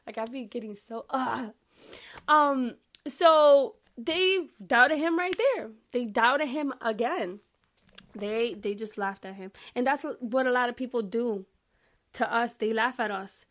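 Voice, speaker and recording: Her voice fairly high and her pace slow, a young woman reads from the Bible on her podcast and adds chatty, emphatic commentary. She's animated and addresses her audience directly.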